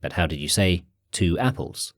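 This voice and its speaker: A man narrating a guided audio language course, giving clear, measured prompts and slowing down for key phrases. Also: deep voice, expressive, dry recording, studio quality.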